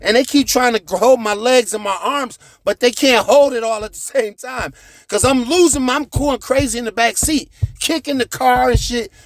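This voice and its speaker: A man telling a profane childhood story, animated, with sound effects and shouted reenactments. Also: extremely high pitch, normal speed, dry recording, clean studio sound, soft background music. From United States.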